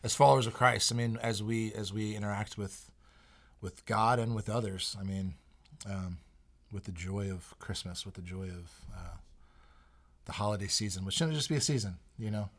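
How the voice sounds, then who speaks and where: Male pastor co-host, lowish voice, easygoing and halting, wrapping up with recommendations. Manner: relaxed, hesitant, lots of "um" and "I mean". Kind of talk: casual podcast talk.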